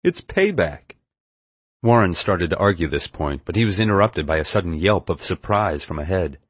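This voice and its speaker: A man reading a first-person adventure story aloud in a steady, measured way. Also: low-pitched, breathy edge, no echo. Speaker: audiobook narrator. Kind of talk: scripted first-person narration.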